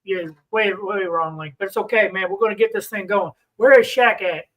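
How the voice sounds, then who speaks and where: A man's voice: high-pitched, moderate pace, fairly bright tone, a little hiss or hum. A man joining a live sports talk stream as guest co-host, easygoing about a link mix-up.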